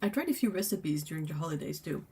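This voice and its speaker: Low-voiced woman chatting on a livestream. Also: expressive, fast talker, dark tone, husky. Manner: chatty, rambling, many fillers. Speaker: livestream host. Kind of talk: casual livestream chat.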